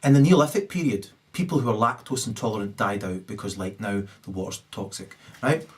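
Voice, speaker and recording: Ranting man, constant "right?". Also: fairly quick. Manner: swears heavily, keeps asking "right?"; swings from loud high outbursts to low muttering. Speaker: solo video commentator. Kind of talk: rambling monologue rant.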